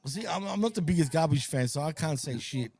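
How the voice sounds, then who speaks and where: A man's voice: on the high side, expressive, fairly quick, gravelly, a little mellow. A man hosting a casual wrestling watch-along stream, laid-back and swearing, tacking "man" and "bro" onto his sentences. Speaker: host.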